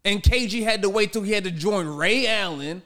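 High-voiced young man arguing stats. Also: moderate pace, pushed and bright. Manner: making his case with stats. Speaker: guest. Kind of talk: casual sports argument.

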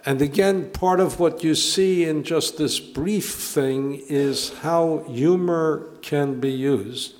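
A man's voice: on the high side, slow, hardly any pauses, darkish tone. A male historian giving a conversational public lecture, often stammering and restarting his sentences. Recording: long reverb lecture hall.

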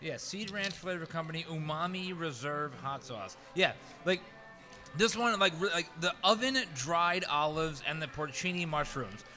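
A man's voice: fairly high pitch, moderate pace, sharp tone, faint music behind. A man co-hosting a podcast, rambling and repeating his words as he chats about hot sauce. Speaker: podcast co-host and editor. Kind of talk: casual chat.

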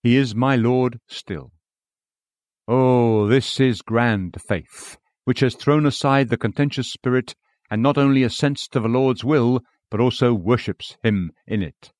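A man reading a sermon aloud in measured, formal, old-fashioned preaching language. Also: mid-range voice, darkish tone, dry recording. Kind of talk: read sermon.

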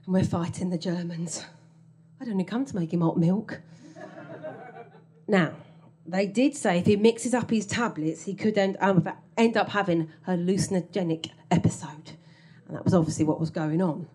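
A woman's voice: on the low side, normal speed, warm tone, breathy edge. A woman telling a comic story from her own life on stage, wry and self-mocking, often laughing through her lines.

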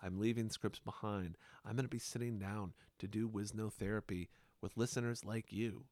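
A man hosting a podcast, speaking in a slow, reflective monologue with unhurried, hypnotic pauses. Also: lowish voice, steady tone, darkish tone, dry recording.

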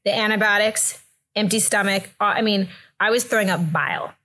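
A young woman telling a story in a casual chat, animated and laughing often, acting out the other people's voices. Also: brisk. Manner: animated, acts out voices with big pitch jumps, laughs often. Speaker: guest telling a birth story.

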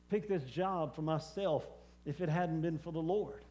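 A man preaching a personal testimony sermon, speaking haltingly with many fillers and repeated words. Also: on the high side, a little mellow. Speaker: preacher and former hospice chaplain.

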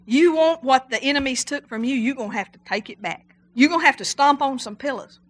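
A middle-aged woman preaching a sermon, animated and emphatic, repeating her exhortations. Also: high-pitched, brisk.

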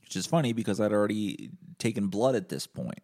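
A man hosting a podcast, telling a comedic story as a deadpan, profane rant and acting out both sides of the argument himself. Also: on the low side, a little fast. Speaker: podcast host.

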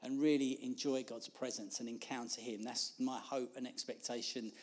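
A man's voice: mid-range voice, level tone, normal speed, darkish tone. A man, preaching an informal sermon in a chatty, self-deprecating way and laughing through his asides. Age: 50s.

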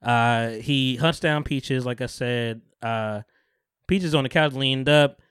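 Man, podcast host, casual storytelling, character voices, clear resonant tone. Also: mid-range voice, slow pace, no echo, clean studio sound. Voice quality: profane, loose slang-heavy delivery. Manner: animated storyteller, acts out characters' lines in voices. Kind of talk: casual chat recapping a TV show.

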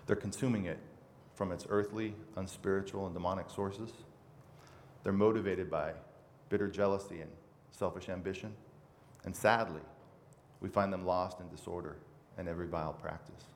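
A man's voice: low voice, steady tone, normal speed. A man preaching a sermon as pastor, earnestly reading scripture aloud with emphasis. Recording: reverberant hall with faint noise.

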